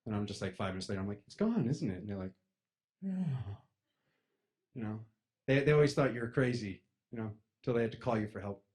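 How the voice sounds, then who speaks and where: In a fairly low voice and at a rapid-fire clip, a spiritual speaker gives a casual talk to an audience. He's animated, telling stories, acting out other people's voices, and calling the crowd "you guys."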